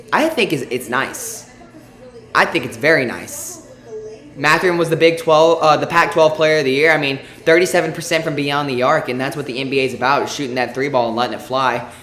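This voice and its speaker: A man's voice: fairly high pitch, fairly bright tone, far from the mic. A man does casual live commentary as host of a sports stream. He hesitates, fills gaps with ums and starts phrases over. His voice sits well back from the mic in a very echoey room. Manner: hesitant, many fillers and restarts.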